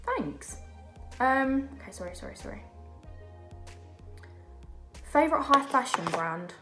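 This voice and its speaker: Her voice is high, sing-song and a bit bright as this young beauty vlogger takes her time, rambling casually with lots of fillers while applying makeup at home in lockdown. Faint music plays behind her in a reverberant space.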